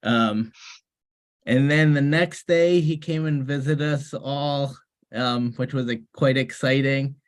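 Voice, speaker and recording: A man's voice: medium pitch, slow pace. A man telling a personal story over a video call, hesitant and full of fillers. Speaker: workshop participant.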